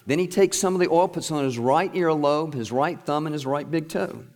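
Middle-aged preacher guy, lively storytelling, kinda high voice, big echoey church. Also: brisk. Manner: animated storytelling. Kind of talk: sermon. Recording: echoey hall.

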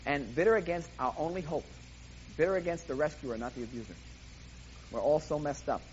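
A man's voice: a little high, brisk, a little mellow, highs cut off, a little hiss or hum. A man preaching a sermon in an emphatic, impassioned way, often repeating himself for emphasis.

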